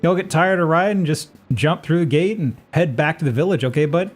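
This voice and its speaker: A man's voice: on the high side, a little fast, faint music behind, pitched above the performer's own voice, close to an everyday voice. A man doing a drawling ranch hand. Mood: easygoing. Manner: folksy, drawling.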